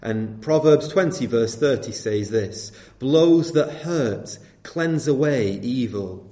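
A man preaching a sermon, swinging between loud urging and quiet, earnest appeals to his listeners. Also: medium pitch, lively intonation, takes it slowly. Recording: echoey room.

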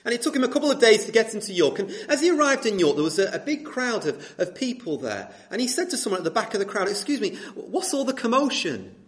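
Animated male preacher telling a story. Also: sits high, fast, hardly any pauses. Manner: animated storyteller, earnest appeal. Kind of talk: sermon storytelling.

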